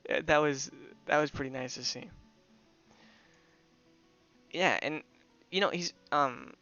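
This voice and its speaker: A man's voice: on the high side, takes it slowly, pushed and bright, highs cut off, faint music behind. A young man chatting loosely while streaming a game, rambling with many restarts. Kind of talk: casual gameplay commentary.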